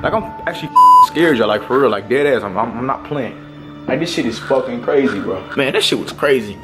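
A man's voice: medium pitch, expressive, brisk, fairly bright tone, a little hiss or hum. A young man in a comedy skit, telling a story and then bursting into profane, panicky outbursts. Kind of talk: acted horror comedy skit.

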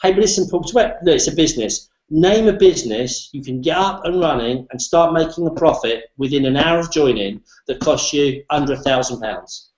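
A man's voice: on the high side, lively intonation, fairly quick, darkish tone. British male presenter, blunt and salesy, dull roomy web-call sound. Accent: British English. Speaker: business presenter. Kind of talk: casual online hangout chat. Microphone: video call.

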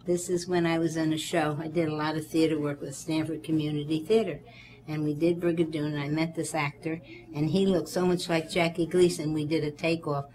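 A woman in her eighties, interviewed for an oral history, reminisces chattily and recites a comic poem in a playful sing-song. Her voice sits low with a darkish tone, a level delivery and a slightly fast pace. The recording has a roomy echo and faint background noise.

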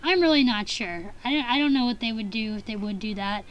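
A young woman with a slightly high voice talks through her collection in a loose, rambling vlog. She gushes and giggles, trips over her words and restarts her sentences often. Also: brisk, smooth, dull audio. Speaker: collector vlogger. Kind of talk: casual rambling review.

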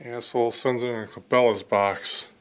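A man's voice: mid-range voice, fairly even intonation, normal speed, very noisy. A man hosting a casual unboxing vlog, talking in a laid-back, rambling way and swearing casually. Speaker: channel host.

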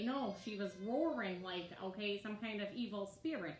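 A woman's voice: mid-range voice, moderate pace, few pauses. A woman giving a casual, conversational sermon, often checking in with her listeners as she talks. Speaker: ministry teacher. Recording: echoey room with faint ambience.

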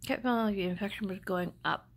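A woman's voice: mid-range voice, fast, creaky, low-quality recording. A middle-aged woman vlogger speaking without teeth, telling a personal story in an emotional, rambling way that often drops to a whisper.

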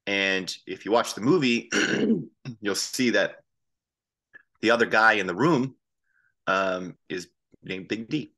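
A man guest in a casual interview, telling animated anecdotes and acting out the voices of people he quotes. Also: fairly low pitch, takes it slowly, long pauses. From Boston area. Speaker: band frontman as guest.

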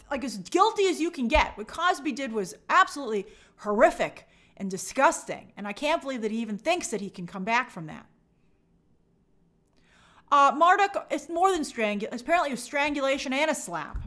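A woman hosting a live stream, giving emphatic, animated commentary and reading viewer comments aloud. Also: on the high side.

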